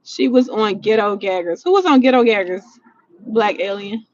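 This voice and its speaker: A woman hosting a casual livestream from her car, answering chat in a blunt, animated, slangy way and swearing freely. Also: medium pitch, normal speed, no echo, lo-fi sound. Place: in a vehicle, driving.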